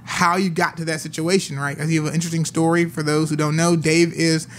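A fast-talking man hosts a relaxed podcast chat, trading jokes with his guests. His voice sits a little high, and he often trips over and restarts his sentences. A faint hum of room noise runs beneath him. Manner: chatty, joking, stumbles and restarts often. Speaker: podcast host. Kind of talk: casual podcast interview.

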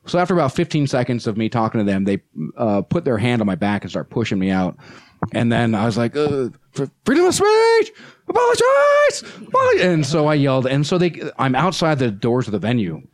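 A man who is a nonprofit spokesperson, telling an animated story as a podcast guest with many fillers and restarts. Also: mid-range voice, fairly quick, dry recording.

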